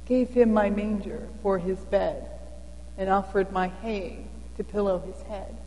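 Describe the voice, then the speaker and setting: A generous white and red cow from a storybook, as a woman reads it. The voice is slow and mellow and sits in a long reverberant hall. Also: medium pitch, a little hiss or hum, natural voice. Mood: tender.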